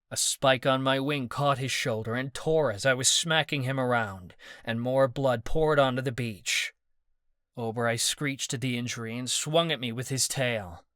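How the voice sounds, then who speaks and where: A man narrates a fantasy audiobook in the first person with a steady, dramatic reading. His voice is bright and forward, and it sits in a middle pitch. The recording is dry and close, with no room sound. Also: dry recording.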